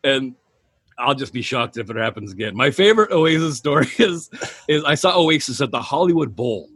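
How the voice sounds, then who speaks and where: Husky man telling rambling music stories. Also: mid-range voice, moderate pace, no room sound, clean studio sound. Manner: rambling, animated storyteller. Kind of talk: casual chat about music.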